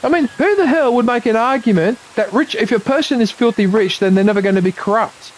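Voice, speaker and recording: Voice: mid-range voice, lively intonation, brisk, low-quality recording. An Australian vlogger ranting to camera in an indignant monologue, swearing often and repeating points.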